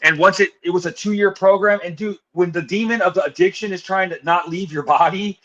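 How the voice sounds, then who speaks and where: A young man, fairly high-voiced, tells his story as a podcast guest. He talks casually and with animation, tossing in slang as he goes. The recording sounds dull and lo-fi. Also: brisk. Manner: animated storyteller, slangy, calls people bro and dude.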